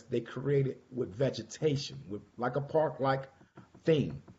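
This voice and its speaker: A man's voice: medium pitch, a little mellow. A man organizing a group cruise, talking casually and directly to his online group, calling people by name and repeating his points. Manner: chatty, repeats himself, calls out people by name. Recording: slightly dull lo-fi recording.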